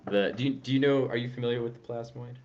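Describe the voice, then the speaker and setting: A man's voice: medium pitch, steady tone, quick pace, darkish tone, highs cut off. A man hosting a podcast, chatting playfully and rambling about a tabletop game. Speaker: podcast host. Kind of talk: casual chat about tabletop gaming.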